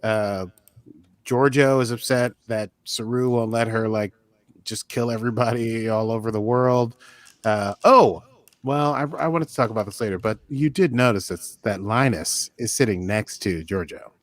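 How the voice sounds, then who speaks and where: A man co-hosting a podcast, recapping an episode in a chatty, joking way with sudden jumps in pitch. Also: moderate pace, dry recording. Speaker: podcast co-host.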